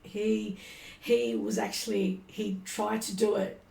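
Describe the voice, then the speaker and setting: A woman's voice: mid-range voice, slow pace, creaky, roomy sound. A woman who works as a spiritual healer, chatting casually in an interview and telling stories with animation. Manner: animated storyteller who acts out quotes.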